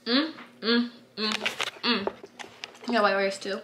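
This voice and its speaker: A woman's voice: mid-range voice, steady tone, slow pace, noisy background. A 22-year-old woman chatting slangily and animatedly in a casual diary vlog. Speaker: vlogger.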